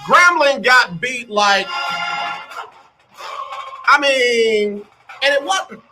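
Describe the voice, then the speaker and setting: A man's voice: very high-pitched, lively intonation, very slow, music in the background. A man hosting a radio show, talking emphatically and dropping into mock quotes of other people. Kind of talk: animated radio talk monologue.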